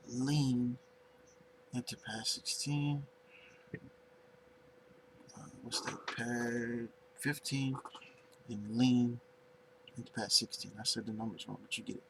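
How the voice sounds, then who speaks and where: A man teaching finger drumming in a casual tutorial, unhurried and searching for words as he demonstrates on pads. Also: medium pitch, creaky, background noise.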